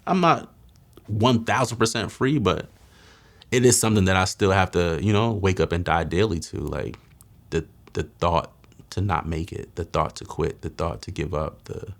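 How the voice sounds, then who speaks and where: A man, telling his life story in a streetwise, slangy way, often dropping quiet at heavy moments. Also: sits low, normal speed, gravelly. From Mount Vernon, New York. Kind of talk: candid testimony.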